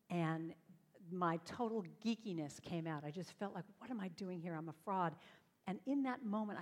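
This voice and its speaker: An inspirational speaker addresses a live audience from the stage, bringing her stories to life and voicing the characters within them. She has a mid-range, fairly bright voice with a big-room sound.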